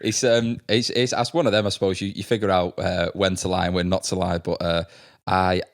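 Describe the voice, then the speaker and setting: A man's voice: low voice, little pitch movement, brisk. A young man hosting a podcast, chatting casually and laughing as he tells stories about working with kids. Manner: laughs often, acts out kids' voices. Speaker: podcast host and school staff member. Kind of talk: casual chat, telling anecdotes.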